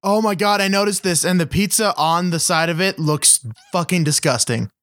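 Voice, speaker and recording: A man's voice: high voice, normal speed, a bit bright, dry recording. A man with a slightly raised voice riffs sarcastically on a cheesy movie, swearing freely. His delivery is casual and conversational. The recording is dry and close. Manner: sarcastic, profane jokes. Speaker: podcast co-host. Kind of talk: casual movie review chat.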